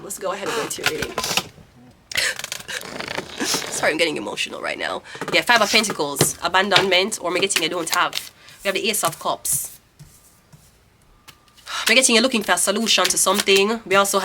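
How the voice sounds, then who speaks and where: A woman's voice: lowish voice, a little fast, pauses often, background noise. A woman in her thirties with a Jamaican accent giving a casual tarot reading, ranting bluntly and swearing freely. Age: 30s. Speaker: tarot reader.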